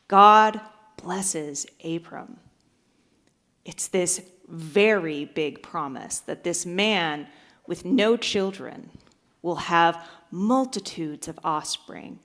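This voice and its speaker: A woman pastor giving a sermon, telling a joke with acted-out voices and then preaching. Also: fairly low pitch. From United States. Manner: storytelling, acts out voices in a joke.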